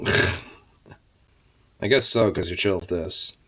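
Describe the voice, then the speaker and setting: A man's voice: low voice, drawn-out words, bright, forceful tone. A man chatting playfully with his pets at home, teasing them with mock insults and swearing, then cooing baby talk at them. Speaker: pet owner talking to his cats.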